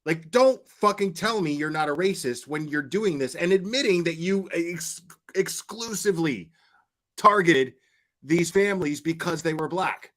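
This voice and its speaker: Speaking a little slowly in a somewhat bright voice on the higher side, a male commentary streamer vents in heated reaction commentary. Profanity comes often, and he stammers when worked up.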